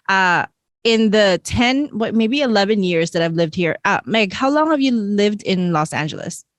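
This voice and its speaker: A woman's voice: mid-range voice, dry recording, clean studio sound. A woman hosting a podcast in casual chat, bubbly and laughing often. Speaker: podcast host.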